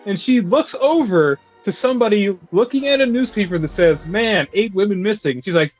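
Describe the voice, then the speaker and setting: A man's voice: sits high, big pitch swings, normal speed, few pauses, soft background music. A man co-hosting a casual movie review podcast, sarcastic and profane as he sums up the plot. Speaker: podcast co-host. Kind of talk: casual movie review banter over beers.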